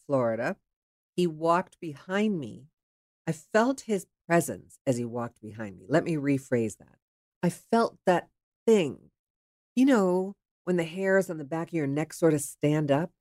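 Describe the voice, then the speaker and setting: A frank, chatty woman from the Pittsburgh area tells a personal story with a lively, swooping delivery. Her voice sits fairly low for a woman, and the sound is close and dry. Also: a little slow, no echo. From Pittsburgh area, USA. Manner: frank, chatty, occasional swearing. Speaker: storyteller sharing her dating life.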